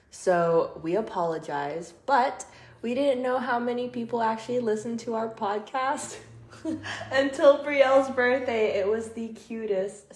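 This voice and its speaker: A woman's voice: medium pitch, a little mellow. A young adult woman co-hosting a podcast, friendly and upbeat in casual chat. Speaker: podcast co-host. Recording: echoey room.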